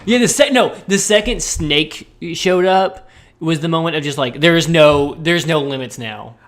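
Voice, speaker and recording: A man's voice: fairly high pitch, a little slow, fairly bright tone. A man co-hosting a casual podcast, gushing enthusiastically. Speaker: podcast co-host. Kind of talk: casual chat about video games.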